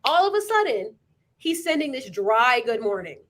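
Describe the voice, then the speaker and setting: High-voiced young woman, teasing guest. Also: sing-song, normal speed, fairly bright tone. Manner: teasing, playful. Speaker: podcast guest. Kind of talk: casual chat.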